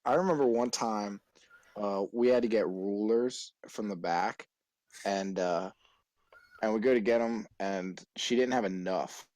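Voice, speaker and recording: A man's voice: fairly low pitch, a little slow, no room sound, poor audio. A young man in casual podcast chat, telling school stories and acting out the people in them. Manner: animated storyteller who acts out quoted voices. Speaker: podcast co-host.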